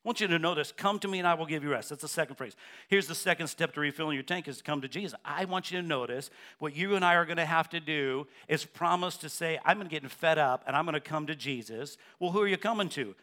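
A man preaching a sermon as pastor in a church, asking the congregation questions and building to loud, emphatic repetition. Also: on the high side, quick pace. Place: church sanctuary.

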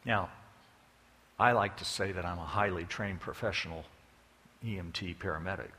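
A man's voice: sits low, moderate pace, pushed and bright. A man preaching a sermon as a folksy, joking storyteller, with long hall reverb behind him.

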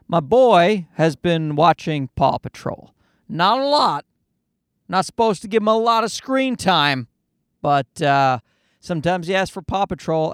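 Animated joking man talking from a car. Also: high voice, a little slow, dry recording, studio quality. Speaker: podcast host. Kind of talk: casual solo monologue. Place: parked car, back seat.

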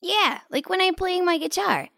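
A woman's voice: very high voice, expressive, creaky, noisy background, heavily acted. A woman voicing a spirited young girl who plays guitar in a children's audio drama, upbeat and playful. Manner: upbeat and playful, drawn-out delivery.

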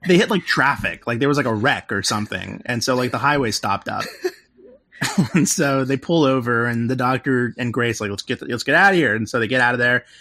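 A man on a casual podcast, walking through a movie's plot scene by scene. He rambles, hedges with filler words and laughs at the absurd bits, speaking at a middle pitch. The sound is close and dry, with no room around it. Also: brisk, sharp tone, no room sound. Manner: rambling, heavy with "like" and "um", laughs at his own retelling. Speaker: podcast co-host recapping a film. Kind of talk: casual chat.

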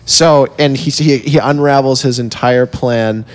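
A man's voice: mid-range voice, steady tone, unhurried. Playful man on a film podcast. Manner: playful, teasing, laughs often. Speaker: podcast co-host. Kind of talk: casual film discussion.

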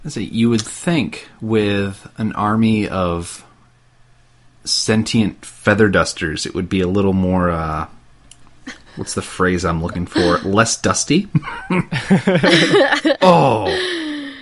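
A man in a casual film discussion, jokey and full of quick asides. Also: on the low side, very animated. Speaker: podcast co-host.

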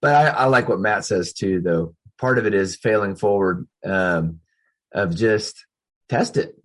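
A man's voice: fairly low pitch, measured pace. A man who hosts a church Q&A on a video call, talking earnestly and thinking aloud as he goes. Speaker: pastor hosting a Q&A. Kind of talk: casual discussion on a video call.

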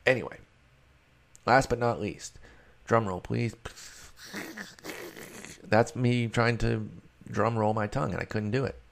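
A man's voice: on the low side, steady tone, unhurried, creaky, long pauses. Chatty man breaking down baseball stats. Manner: chatty, self-deprecating, rambling with restarts. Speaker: fantasy baseball podcast host. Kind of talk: casual solo analysis.

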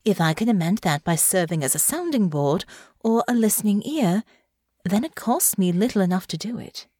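A woman's voice: medium pitch, animated, normal speed, dark tone, no room sound, studio quality, natural voice. A woman voicing a cold, calculating young noblewoman who speaks in a detached, matter-of-fact way.

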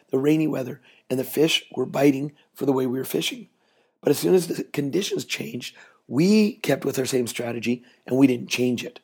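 A middle-aged man tells a casual story on his podcast. His voice is fairly high for a man, with a gravelly edge. The tone is mellow and a little husky, and he talks to listeners as "ladies and gentlemen" when he draws the moral. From Canada. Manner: folksy, chatty storyteller who builds to a moral. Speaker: podcast host. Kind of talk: storytelling monologue with a business lesson.

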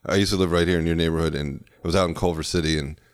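A male interviewer with a very low voice keeps things casual and easygoing. He asks short questions and shares quick stories of his own. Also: steady tone, clear, resonant tone. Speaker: interviewer host.

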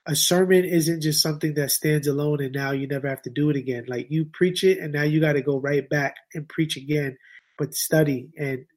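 A man's voice: on the high side, fairly even intonation, a little fast, darkish tone. A man talking as a podcast guest in casual slang, repeating points for emphasis. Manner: informal slang, emphatic repetition. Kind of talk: casual chat.

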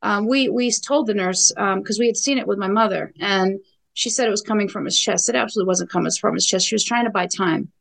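Gravelly New woman telling her story. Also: mid-range voice, fast, rough recording. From New York. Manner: blunt, emphatic storytelling with repeated phrases and fillers. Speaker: guest. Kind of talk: personal account in a podcast interview.

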